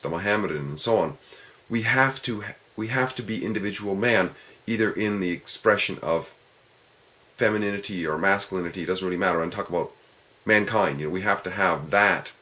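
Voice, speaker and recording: A man's voice: fairly low pitch, a bit bright. A man giving an informal philosophical talk to a discussion group, reflecting step by step and posing questions to his listeners.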